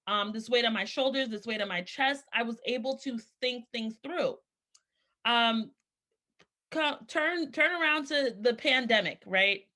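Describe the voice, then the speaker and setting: Woman, 30s, earnest personal testimony, bright, slightly high voice. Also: a little slow. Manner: earnest, emotional, candid. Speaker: speaker sharing her story.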